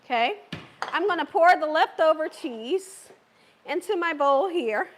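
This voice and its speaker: A woman's voice: sits high, lively intonation, a little slow, a little hiss or hum. A woman hosting a live cooking stream, chatting playfully with her viewers and the live chat and laughing as she cooks. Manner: playful, laughs and cheers herself on. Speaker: cooking show host.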